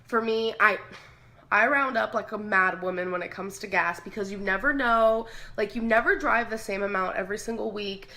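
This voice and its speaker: A woman's voice: mid-range voice, normal speed, pushed and bright. A woman chatting casually in a vlog, walking through her monthly budget step by step. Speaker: vlogger explaining her budget.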